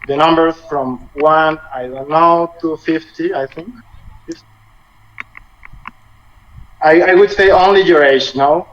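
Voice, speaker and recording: A young man in his twenties teaches a lesson over a video call. His voice sits a bit high and he talks haltingly, restarting and rephrasing as he goes. The muffled call audio carries a faint hiss. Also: a bit bright. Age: 20s. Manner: halting, repeats and rephrases while explaining. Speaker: Spanish teacher. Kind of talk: online language lesson.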